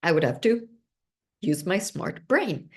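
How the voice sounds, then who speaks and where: A lively woman whose first language is Swedish hosts an online seminar in English, her voice sitting a little low. She talks with bubbly intensity on a video call. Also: a little slow. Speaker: seminar host.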